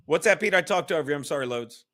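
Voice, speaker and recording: A man's voice: a little high, animated, quick pace, a bit bright. A man hosting a casual livestream chat, loose and profane, reading viewer comments aloud. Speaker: livestream podcast host.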